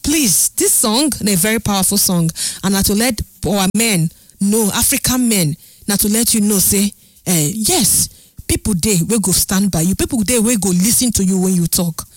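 A woman radio host with a Nigerian Pidgin accent, chatting on air in a lively, sing-song way that stretches her words. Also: medium pitch, normal speed, dry recording. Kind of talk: Pidgin radio show chat. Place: radio studio.

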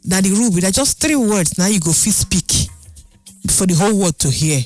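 A radio host with a Nigerian accent on a call-in show, animated and fond of repeating numbers and phrases. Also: medium pitch, a little fast, no echo. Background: faint music.

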